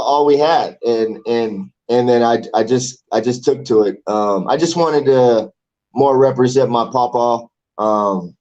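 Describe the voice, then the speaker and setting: An amateur MMA fighter in his forties appears as an interview guest, chatting loosely, rambling and swearing casually. His voice is ordinary in pitch with a darkish tone, and the recording sounds a bit dull and lo-fi.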